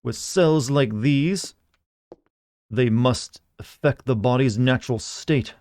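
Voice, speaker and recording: Streamer putting on a villainous male scientist voice: slow, deliberate, creepy interrogation. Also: mid-range voice, a little mellow, dry recording. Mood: cold, probing. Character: cold, menacing male evil scientist.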